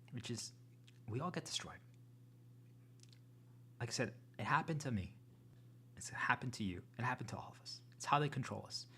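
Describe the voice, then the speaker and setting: An earnest man talks straight to his viewers in a loose, unscripted monologue. He rambles and restarts his sentences, and now and then his voice sinks to a hushed whisper. A faint hum runs underneath. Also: medium pitch. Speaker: channel host.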